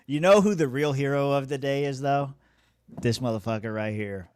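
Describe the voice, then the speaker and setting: A man's voice: medium pitch, normal speed, a little mellow, smooth, no echo. Laid-back young man, dry close mic. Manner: rambling, swears freely, laughs often. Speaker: podcast co-host. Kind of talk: casual fantasy football chat.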